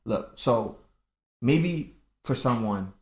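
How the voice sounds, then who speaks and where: A man's voice: medium pitch, expressive, extremely slow, a little hiss or hum. A man co-hosting a casual chat, musing and laying out his views with lots of fillers. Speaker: podcast co-host. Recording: echoey room.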